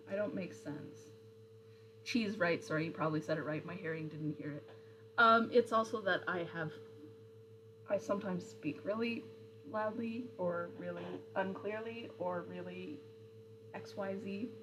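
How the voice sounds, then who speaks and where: A woman's voice: lowish voice, background noise. A young woman streamer in casual chat, rambling with lots of fillers and answering viewer comments. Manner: rambling, chatty, with frequent fillers and self-corrections.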